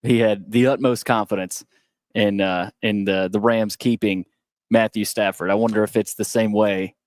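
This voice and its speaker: A man's voice: lowish voice, steady tone, moderate pace, darkish tone, no echo. A man reading a sports news update on a talk radio show, conversational and with small restarts. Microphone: studio microphone.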